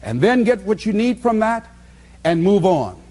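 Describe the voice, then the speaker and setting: A man's voice: sits high, big pitch swings, unhurried, a little mellow. A man giving a motivational speech to a live audience, preaching emphatically and repeating phrases for effect. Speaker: motivational speaker.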